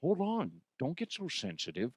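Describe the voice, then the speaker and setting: A man's voice: on the high side, huge pitch swings, normal speed, slightly rough, no echo, clean studio sound, voice pushed up, heavily acted. A man putting on the voice of a brash, cheeky older man who offers crude, blunt advice.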